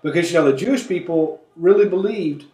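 A man leading a conversational Bible study, animated and acting out the voices he quotes. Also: fairly high pitch, brisk, reverberant, distant mic. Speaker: Bible teacher.

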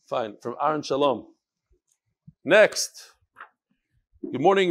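Animated man reading emails aloud. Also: on the high side, unhurried, long pauses. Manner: animated, joking, reads emails aloud with asides. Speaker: podcast host reading listener emails. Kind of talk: casual chat.

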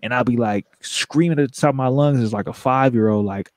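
A man's voice: medium pitch, fast, hardly any pauses, dry recording, clean studio sound. A man co-hosting a casual chat, telling jokey stories in a slangy way. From San Francisco. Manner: joking, slangy storyteller.

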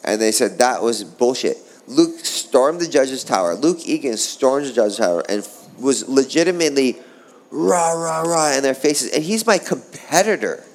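A middle-aged man, a former pro surfer, telling stories in a casual interview, animated and profane, rambling along. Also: mid-range voice, moderate pace, few pauses.

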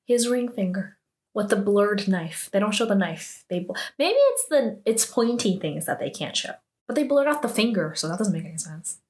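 A woman talking through a drama episode for her viewers in a chatty, casual way. She leans on many fillers and reacts to the story as she goes. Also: mid-range voice. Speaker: drama recap vlogger. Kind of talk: casual spoken recap.

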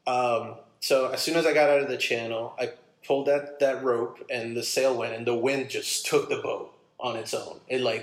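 A man casually telling a long personal story, animated and acting out what people said. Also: medium pitch. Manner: animated, acts out his own quotes. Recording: roomy echo.

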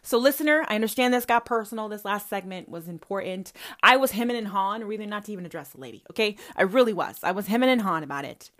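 A woman's voice: medium pitch, expressive, fast, hardly any pauses, fairly bright tone. A woman hosting a personal podcast, talking straight to her mother in a profane, confrontational and emphatic way. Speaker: podcast host.

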